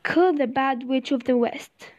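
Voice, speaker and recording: A woman's voice: high voice, unhurried, a little mellow. A woman voicing a small wizard in a storybook reading. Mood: stern. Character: small, stern old male wizard. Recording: slightly dull recording.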